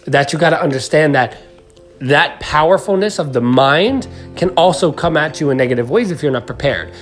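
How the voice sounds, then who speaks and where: An earnest male podcast host talks the listener through stress in a coaching, direct-address way. His voice sits a little higher than most men's, and soft music plays underneath. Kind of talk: motivational self-help talk.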